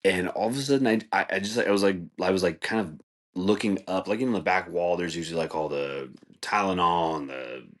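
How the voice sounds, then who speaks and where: A man's voice: deep voice, fairly quick. A man hosting a podcast, rambling through a casual comedic monologue and laughing at his own jokes. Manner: rambling, laid-back, says "dude" and "like" a lot, laughs at his own jokes. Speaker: podcast host.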